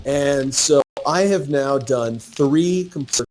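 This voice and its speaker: Male gamer, lively profane storyteller, slightly higher voice. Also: normal speed, few pauses, slight background noise. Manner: animated storyteller, swears freely. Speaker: gamer telling a story to co-players. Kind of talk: casual gaming chat.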